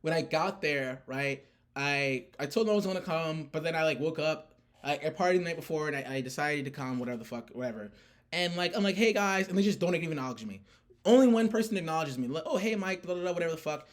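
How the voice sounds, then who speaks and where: In a slightly high, expressive voice and at a quick pace, a young man rants casually about a card tournament he played. He rambles, swears, and leans heavily on fillers.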